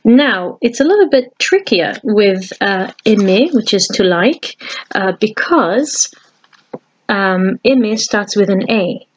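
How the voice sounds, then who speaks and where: Unhurried woman teaching French to families. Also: mid-range voice, muffled recording. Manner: repeats each French phrase slowly, encouraging. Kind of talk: slow, patient language lesson for children and parents. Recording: steady background hiss.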